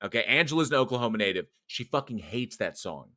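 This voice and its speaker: A man's voice: mid-range voice, very animated, fast talker, bright, forceful tone, no echo, clean studio sound. A man hosting a horror podcast in casual live chat, rambling and chuckling as he reads viewer comments. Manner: rambling, chatty, many restarts and chuckles. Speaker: podcast host.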